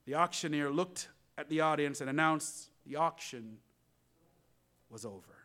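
Male pastor, lively sermon storyteller, bright and forceful tone, pitch a bit high. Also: normal speed. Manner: animated storytelling, addresses congregation.

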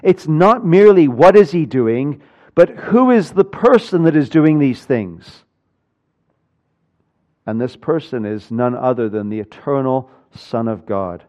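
A man preaching a verse-by-verse sermon. He asks rising emphatic questions and then drops low and quiet. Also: expressive, unhurried, lo-fi sound. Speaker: pastor.

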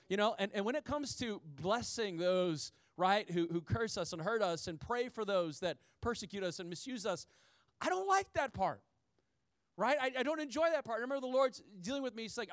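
A pastor preaching in a chatty, animated way, with frequent asides to the people listening. His voice sits high for a man. He repeats key lines for weight, and the sound is dry, with no room echo. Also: normal speed. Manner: repeats key phrases for emphasis. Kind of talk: sermon.

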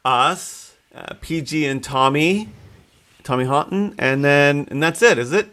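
A man's voice: fairly high pitch, measured pace, sharp tone. A man appearing as a guest on a podcast, chatting in a playful, teasing way. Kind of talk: casual chat.

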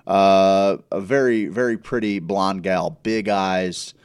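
A man's voice: deep voice, steady tone, takes it slowly, a little mellow, smooth. A man hosting a casual podcast, rambling and crude, with frequent restarts. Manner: rambling, crude, self-interrupting. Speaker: podcast host. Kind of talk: casual chat.

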